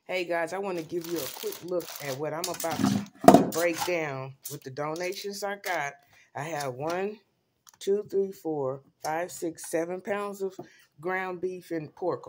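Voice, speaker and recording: A woman's voice: low voice, noisy background. A woman with a Southern accent vlogging casually about cooking for the homeless, folksy and full of "honey" and "I bet you". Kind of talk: casual vlog to camera. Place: outdoors in a park.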